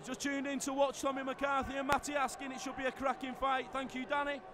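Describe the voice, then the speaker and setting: A man's voice: extremely high pitch, completely flat delivery, a little fast, background noise. A man presenting a boxing broadcast, reading out viewer messages in a chatty, matey way. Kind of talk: casual broadcast chat. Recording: arena music and crowd behind.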